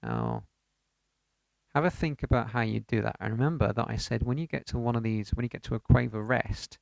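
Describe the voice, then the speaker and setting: A man leads a piano lesson, talking learners through rhythms and counting beats aloud in an encouraging way. His voice is strongly gravelly with lots of fry. The recording is dry and close. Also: medium pitch, expressive, a little fast, a little mellow, no room sound. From United Kingdom. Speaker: piano teacher. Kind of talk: online music lesson.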